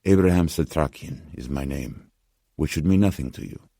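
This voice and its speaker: Man voicing an anxious old pawnbroker, Slavic-tinged accent, deep, grave and measured. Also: creaky, dry recording, studio quality, full character voice. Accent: Slavic-tinged, as put on. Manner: slow, grave, hushed insistence.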